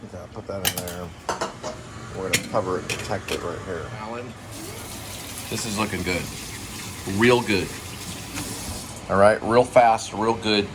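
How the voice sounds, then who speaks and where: A man's voice: low-pitched, measured pace, long pauses, very noisy. A middle-aged man, co-host of a home vlog, chatting casually over a meal and often losing his train of thought.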